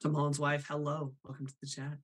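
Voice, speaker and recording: A man hosting a casual live stream, animated and reading chat messages aloud. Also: a little high, fast. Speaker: host of a live stream show.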